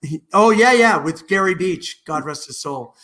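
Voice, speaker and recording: High-voiced man telling a rambling anecdote. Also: normal speed. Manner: lively, animated, rambling with many restarts. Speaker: guest, musical theatre actor. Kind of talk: anecdotal storytelling in a video-call interview.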